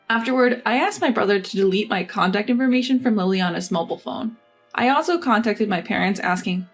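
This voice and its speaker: A woman telling a first-person story in a measured, matter-of-fact way. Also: medium pitch. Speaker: narrator. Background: faint music.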